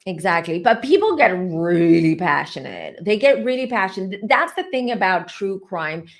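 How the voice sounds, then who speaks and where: A woman with a lowish, expressive voice hosts a casual chat as a psychic medium, speaking at normal speed. She talks emphatically and rambles, frequently restarting her sentences.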